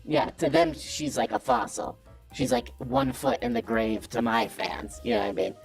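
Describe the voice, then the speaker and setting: With vocal fry and a breathy edge at a moderate pace, a caller on a call-in show lampoons a boastful male business guru over soft background music. The character sounds smug, cocky, evasive and defensive, his pitch swinging wildly.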